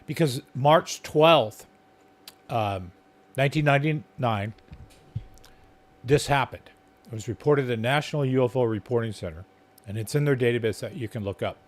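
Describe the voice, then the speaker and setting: A man hosting a live podcast stream outdoors at night, talking casually in a rambling way full of fillers, his voice a bit hoarse. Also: medium pitch, a little mellow. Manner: rambling, filler-heavy talk. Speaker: podcast host.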